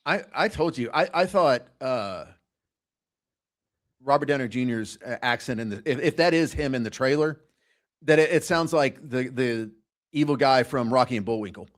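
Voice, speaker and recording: A man co-hosting a podcast in casual chat, often halting and restarting his sentences. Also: medium pitch, animated. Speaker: podcast co-host.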